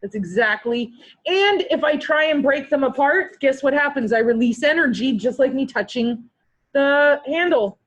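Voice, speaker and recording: A woman's voice: sits high, lively intonation, moderate pace, highs cut off. A woman with a Canadian accent, teaching a class in a chatty, joking and encouraging way. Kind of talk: online class lecture.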